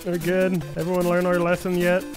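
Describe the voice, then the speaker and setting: A man's voice: high-pitched, monotone, brisk. A man giving playful let's-play commentary, teasing the creatures he fights in the game. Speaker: gaming YouTuber. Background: game music.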